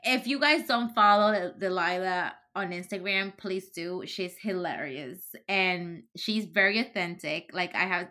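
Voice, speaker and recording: Casting: friendly, rambling woman host, bright, forceful voice. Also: on the low side, measured pace, hardly any pauses. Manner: friendly, rambling, many fillers. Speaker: podcast host. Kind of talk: casual chat.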